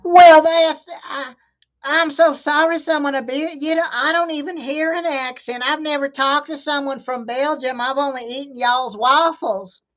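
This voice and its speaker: A woman's voice: sits high, steady tone, highs cut off. A woman on a live stream, playing along with a caller in a folksy way, calling him honey and drawing out her questions. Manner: folksy, calls people honey, drawn-out questions. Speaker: scam-baiter co-host.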